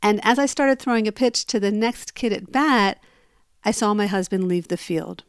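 A woman's voice: medium pitch, normal speed, clean tone, no echo, studio quality. A woman telling a personal story in a conversational way, growing emphatic as she relives an argument.

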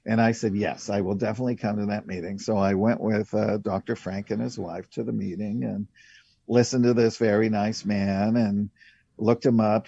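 Older male casting director, unhurried storyteller with a dark, low voice. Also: vocal fry, no room sound. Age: 60s. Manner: rambling, anecdotal, many fillers. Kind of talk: casual interview storytelling. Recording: dull lo-fi, dry.

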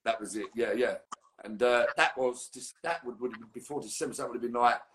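A man's voice: mid-range voice, fast talker, a bit bright, reverberant. A middle-aged man, a guest musician swearing freely as he rambles through anecdotes in casual podcast chat.

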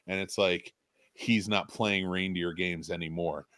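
Man, low voice, dry close sound, animated storyteller, swears a lot, casual podcast chat. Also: measured pace, no room sound. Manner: animated, swearing storyteller who acts out scenes. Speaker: podcast co-host.

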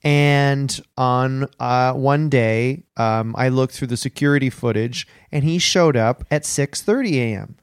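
A man hosting an improvised comedy podcast in character as a building manager, telling stories in an animated way and acting out other people. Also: medium pitch, clear, resonant tone, dry recording, clean studio sound. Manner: animated storytelling, quick to act out others.

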